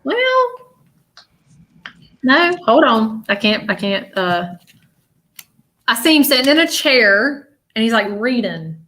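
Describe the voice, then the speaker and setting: A woman working as a psychic medium, giving a live reading in a halting way, full of fillers, restarts and repeated words. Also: fairly high pitch, very animated, pushed and bright.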